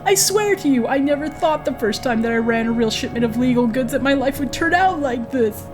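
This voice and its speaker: A woman voicing a regretful former male pirate who speaks slowly and ruefully. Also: high-pitched, animated, music in the background, pitched above the performer's own voice.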